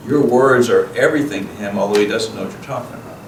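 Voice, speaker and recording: A low-voiced man teaches at a parenting seminar in a plain, conversational way, slipping into short acted exchanges between parent and child. He sounds distant from the microphone, and the room gives his voice a strong echo. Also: fast talker, creaky. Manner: plain-spoken, acts out parent and child dialogue. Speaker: guest speaker at a parenting seminar. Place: school event room. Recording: echoey room, voice from far off, noisy.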